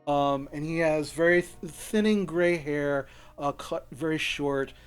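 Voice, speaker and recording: A man's voice: fairly high pitch, measured pace, smooth, faint music behind. A man narrating as game master, describing the scene in a rambling, restarting way. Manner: rambling, lots of fillers and restarts.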